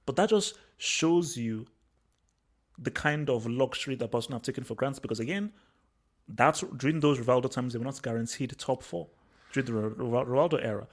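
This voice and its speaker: A man's voice: mid-range voice, a little fast. A man in casual football chat, telling stories with many stammered restarts and laughter. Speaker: podcast co-host.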